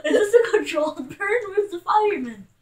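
A high-pitched woman plays through a goofy game role-play, teasing her partner and breaking into shouts. Her voice bounces around a roomy, echoey space, and her delivery stays loose and improvised. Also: lively intonation, brisk. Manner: teasing, bickering, bursts of yelling and laughter.

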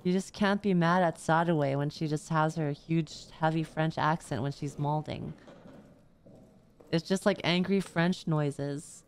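A woman streamer chatting playfully and excitably while commenting on her gameplay. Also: deep voice, measured pace, a little hiss or hum.

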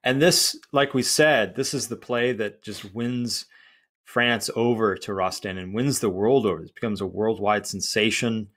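A man co-hosting a podcast, explaining a play in a thoughtful, measured way with some restarts. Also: lowish voice, a bit bright. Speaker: podcast co-host. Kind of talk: casual conversation about literature.

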